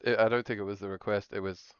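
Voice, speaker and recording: A man with a low, smooth, resonant voice chats his way through a live stream, jokey and rambling, often trailing off and restarting his thoughts. The sound is dry and a bit muffled. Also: fairly even intonation, fast talker, no echo. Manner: rambling, jokey, self-interrupting. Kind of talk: casual live-stream chatter.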